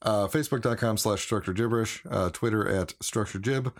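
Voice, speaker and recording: A man's voice: lowish voice, fairly quick. A man co-hosting a podcast, joking dryly and wrapping up the episode. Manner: dry joking, reads out the show's links. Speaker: podcast co-host. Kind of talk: casual podcast chat.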